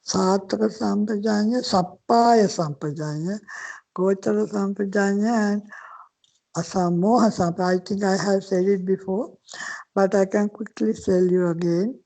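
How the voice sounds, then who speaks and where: An older woman, a Buddhist nun, gives a dharma talk in a warm, medium-pitched voice with fairly even intonation, captured on a low-quality recording. She explains the teachings slowly and patiently, using Pali terms and now and then dropping to a whisper.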